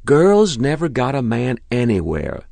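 A man's voice: medium pitch, huge pitch swings, unhurried, gravelly, a little mellow, no room sound, pitched above the performer's own voice, full character voice. A man voicing a middle-aged farmer and father who jokes and teases. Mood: teasing. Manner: joking, teasing.

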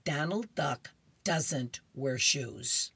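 Snoopy, as a woman reads him, dry and husky. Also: low voice, expressive, extremely slow, a bit bright, no room sound, full character voice. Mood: wry. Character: wry cartoon beagle.

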